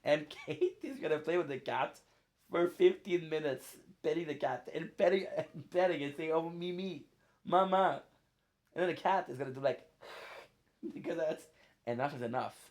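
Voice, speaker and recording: A man's voice: fairly high pitch, a little fast, darkish tone. A man streaming a game, chatting casually in a playful, rambling way. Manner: playful, rambling, laughs often. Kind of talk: casual chat while gaming.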